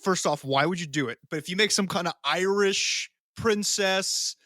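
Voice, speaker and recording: A man co-hosts a casual podcast, brash and crude in his jokes. His voice sits a little high, and the dry close mic keeps the room out. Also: moderate pace, bright, forceful tone, dry recording. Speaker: podcast co-host.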